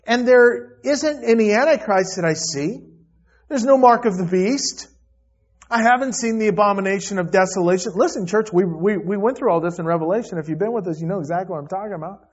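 A man with a high-pitched voice preaches a sermon to his church. He is earnest and emphatic, repeating phrases and restarting as he presses his point. The recording sounds slightly dull and muffled. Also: a little fast. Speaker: pastor.

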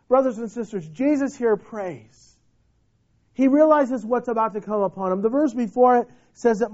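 High-voiced man preaching with passion. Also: muffled recording. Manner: impassioned preaching, swings from loud to hushed. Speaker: pastor. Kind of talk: sermon.

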